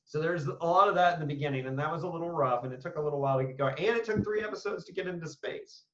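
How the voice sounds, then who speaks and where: Guy hosting a casual panel chat, kinda high voice, sounds far off in an echoey room, dull audio. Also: a little hiss or hum. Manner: animated, emphatic, quick asides. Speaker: podcast host.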